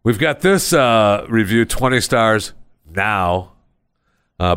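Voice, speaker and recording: A man's voice: on the low side, animated, takes it slowly, fairly bright tone, smooth, no room sound. A man hosting a podcast, bantering and reading listener reviews aloud in a wry, teasing way. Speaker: podcast host.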